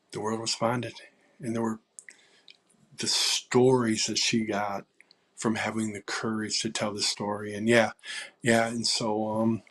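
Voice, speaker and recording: A man in his sixties, a songwriter guest, telling stories in a casual interview, halting with fillers and dropping to a whisper for quoted lines. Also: lowish voice. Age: 60s.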